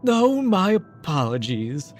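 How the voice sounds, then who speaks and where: A man reading the lines of a solemn, otherworldly ghostly creature in a stately, measured way. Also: fairly high pitch, very animated, soft background music, pitched above the performer's own voice.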